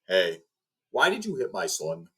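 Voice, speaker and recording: A man voicing a cold, stern older mob boss who speaks slowly and gravely while retelling a movie. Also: low voice, huge pitch swings, a bit bright, full character voice.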